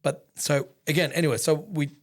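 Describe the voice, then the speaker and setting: A man telling a story in a casual interview, rambling and animated, acting out conversations and swearing freely. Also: on the high side, brisk. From Australia. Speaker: business founder, guest.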